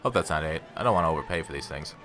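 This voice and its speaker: Low-voiced man rambling over gameplay. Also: animated, racing, a bit bright, faint music behind. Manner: rambling, self-deprecating, talks to viewers. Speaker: gaming YouTuber. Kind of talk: casual gameplay commentary.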